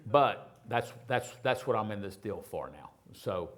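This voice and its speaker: Unhurried and expressive, with a lowish, slightly bright voice, this older Houston, Texas restaurateur tells stories on stage as a guest. His casual rambling is full of profanity and self-mockery.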